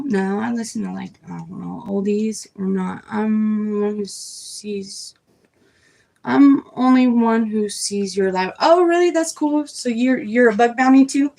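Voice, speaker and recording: A woman's voice: on the high side, vocal fry. Chatty woman doing a live tarot reading. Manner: chatty, rambling, reads the cards out loud to viewers. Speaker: tarot reader on a live stream.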